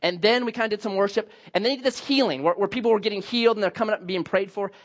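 A man's voice: high-pitched, racing, highs cut off. A man preaching a sermon as pastor, telling stories with self-mocking jokes. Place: church sanctuary.

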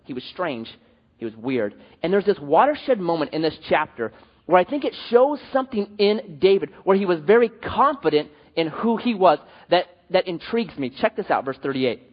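Male pastor, sermon, animated joking storyteller, husky voice, dull recording in a reverberant church hall. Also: a little high, moderate pace.

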